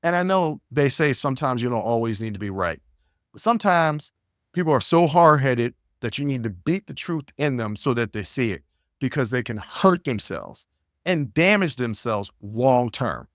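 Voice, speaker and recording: A man's voice: mid-range voice, big pitch swings, normal speed, no room sound, clean studio sound. A man hosting a podcast, telling stories in a blunt, casual way and often repeating words as he thinks. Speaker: podcast host. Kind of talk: casual storytelling monologue.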